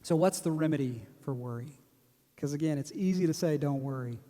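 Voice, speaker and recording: A man's voice: a little high, fairly quick, mellow. A man, preaching a sermon in a joking, self-deprecating way and laughing often. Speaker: pastor. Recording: long hall reverb.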